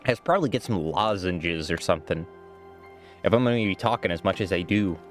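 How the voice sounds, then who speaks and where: A man's voice: sits low, lively intonation, fairly quick, soft background music. Self-mocking male game streamer. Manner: self-deprecating, laughs often. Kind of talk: live game stream commentary.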